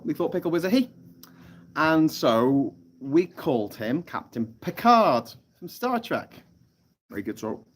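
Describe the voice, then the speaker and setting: Man hosting a live stream; loose, sweary, laughing chat with viewers, mid-pitched. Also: fairly bright tone, slightly rough. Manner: rambling, sweary, laughs a lot. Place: hammock on an island lagoon, outdoors.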